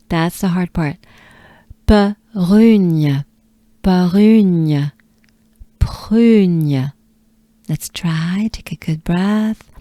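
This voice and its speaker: A woman from France with a French accent, patiently coaching pronunciation and repeating words slowly with soft breathy asides. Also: lowish voice, expressive, no echo. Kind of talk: slow pronunciation lesson.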